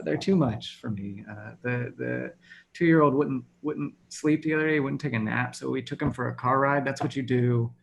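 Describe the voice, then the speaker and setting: Over a video call, a Texan comedian in his thirties does stand-up, poking fun at himself and cracking up at his own material. He speaks at a medium pitch with vocal fry.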